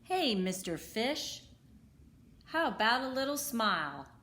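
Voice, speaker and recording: A woman's voice: on the high side, big pitch swings, slow pace, sharp tone, roomy sound, pitched above the performer's own voice, exaggerated voice. Woman doing a cheeky squirmy squid lady, kinda impolite. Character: squirmy, slightly rude female squid.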